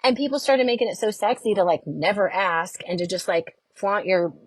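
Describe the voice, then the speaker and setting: A middle-aged woman coaching on a live stream, chatty and animated, who greets viewers by name as she talks. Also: medium pitch, moderate pace, husky. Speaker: network marketing coach.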